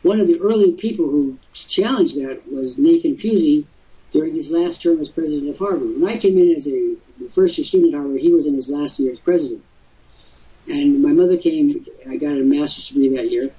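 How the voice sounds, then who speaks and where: An older man hosts a live webcast talk show, telling stories expansively with theatrical asides. His voice is on the high side and a little fast, husky and off-mic from a distant microphone, with muffled lo-fi audio.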